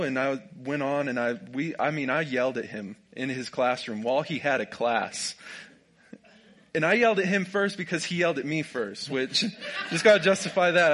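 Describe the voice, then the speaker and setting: A young man with a drawl, telling a personal story in a relaxed, jokey way and laughing often. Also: medium pitch. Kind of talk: casual storytelling.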